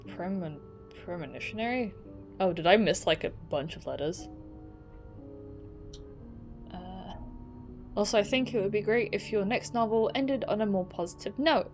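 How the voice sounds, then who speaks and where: A woman at mid pitch plays through a story game and reads each letter aloud in her own voice. She keeps cutting in with playful asides and laughter, and faint music sits under her voice. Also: moderate pace, long pauses. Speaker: game streamer. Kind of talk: casual let's play, reading in-game letters aloud.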